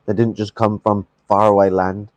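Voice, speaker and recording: A man's voice: fairly low pitch, flat delivery, moderate pace, no room sound, rough recording. A man debating on a reaction stream, argumentative and often stumbling over his words. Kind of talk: casual debate.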